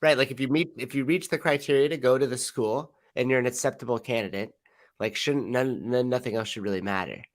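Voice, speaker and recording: A man's voice: medium pitch, brisk. A man co-hosting a podcast in casual chat, agreeable and chiming in with short replies. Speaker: podcast co-host.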